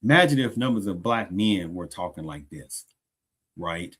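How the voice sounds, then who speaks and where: A man's voice: low-pitched, expressive, moderate pace, fairly bright tone, breathy edge. A man hosting a rambling reaction commentary, often restarting sentences and asking "do you understand?". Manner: repeats rhetorical questions, restarts sentences often. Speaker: commentary channel host.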